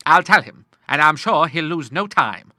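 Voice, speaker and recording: Guy doing a bluff old navy admiral, hearty and polite, bright lively voice, dry sound. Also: fairly high pitch, moderate pace, no room sound, pitched above the performer's own voice. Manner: hearty, courteous, salty sea talk. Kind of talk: audiobook character voice.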